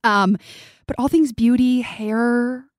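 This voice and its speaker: A woman hosting a podcast in a studio, bubbly and energetic, laughing easily as she chats with her guest. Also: a little high, slow, dry recording. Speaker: podcast host. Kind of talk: casual interview chat.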